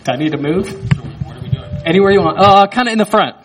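A man in his thirties preaching in a church hall, telling a personal story in an animated, self-mocking way. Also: high-pitched, quick pace, noisy background. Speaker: pastor. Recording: voice distant from the mic.

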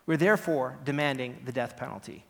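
A man's voice: mid-range voice, a little fast, gravelly, natural voice. A man voicing a stern male prosecutor who formally demands the death penalty. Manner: formal, loud courtroom address.

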